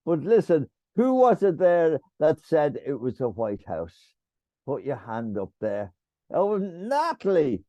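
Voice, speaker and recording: A man's voice: a little high, very animated, slow, warm tone, no echo, highs cut off. An older Irish man hosting a club meeting, theatrical and teasing, calling on the audience to answer. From Ireland. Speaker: meeting host.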